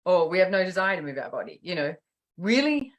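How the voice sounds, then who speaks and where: A woman's voice: lowish voice, a little fast. A middle-aged woman, chatting casually as a podcast host and acting out quotes as she tells stories. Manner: animated storytelling with acted-out quotes. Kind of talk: casual chat.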